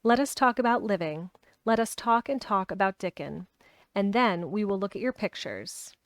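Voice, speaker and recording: A woman's voice: medium pitch, expressive, normal speed, no room sound, natural voice. A woman reading aloud voices a blunt, stubborn young girl who speaks plainly and obstinately. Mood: earnest. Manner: plain, obstinate, matter-of-fact.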